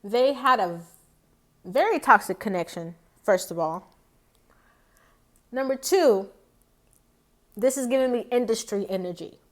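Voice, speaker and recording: Woman tarot reader, higher voice, rambling and chatty, talks straight to her viewers. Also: expressive, a little slow, long pauses, a bit bright. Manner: chatty, rambling, many fillers and restarts. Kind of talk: casual tarot reading vlog.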